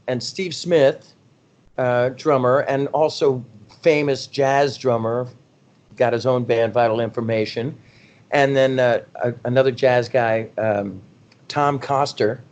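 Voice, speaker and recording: A middle-aged man, a rock singer as a guest, telling rambling, animated anecdotes in a casual interview, often laughing at himself. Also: medium pitch, highs cut off.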